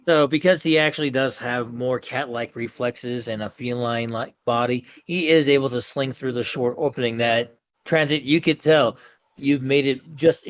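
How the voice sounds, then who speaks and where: Man narrating as game master. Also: mid-range voice. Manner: halting, self-correcting narration.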